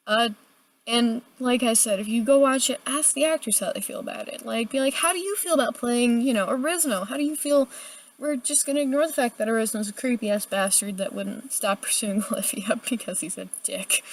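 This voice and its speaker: A young adult woman giving a casual, chatty video review, animated and full of filler words. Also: fairly high pitch. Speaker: book reviewer.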